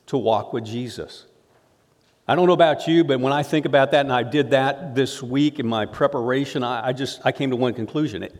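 A man preaching an earnest sermon to his congregation, his voice carrying at an ordinary male pitch and climbing into emphatic rises on the points he wants to land. The sound has a long reverb tail, as in a large hall. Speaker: pastor.

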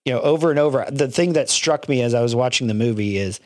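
A man's voice: mid-range voice, fast, darkish tone, dry recording. Male co-host, mid-range voice, earnest and reflective, dry close-miked sound, casual podcast talk. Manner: earnest, reflective, many restarts. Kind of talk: casual faith-based film discussion.

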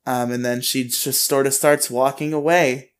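A man's voice: mid-range voice, fairly even intonation, normal speed. Laughing man recapping an anime. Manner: retells scenes, acting out lines in a raised voice, laughs often. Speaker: podcast co-host. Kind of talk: casual recap chat.

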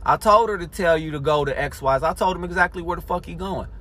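A man telling a story in a casual, animated way, full of swearing. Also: fairly high pitch, fast talker. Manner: animated, profanity-heavy storytelling.

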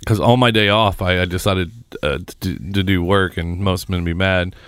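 A middle-aged man chatting casually as a podcast co-host, telling brisk stories and swearing freely. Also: sits low, fairly even intonation, a bit bright, clean tone, dry recording, clean studio sound. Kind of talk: casual chat.

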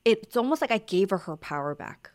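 A woman co-hosting a podcast, telling a parenting story in a reflective, soft-spoken way. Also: mid-range voice, very animated, fairly quick. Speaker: podcast co-host. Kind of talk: casual conversation.

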